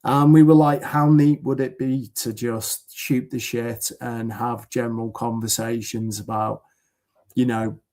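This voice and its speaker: A man's voice: medium pitch, flat delivery, measured pace, darkish tone. A man from the UK, a podcast guest, talking in an earnest, rambling way with many fillers over a video call. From United Kingdom. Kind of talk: casual chat.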